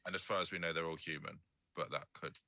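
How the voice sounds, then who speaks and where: A man playing a tabletop game as a guest, firing off jokey asides and quick questions. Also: rumbling low, fairly even intonation, vocal fry, bright, forceful tone, dry recording, studio quality. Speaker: guest player.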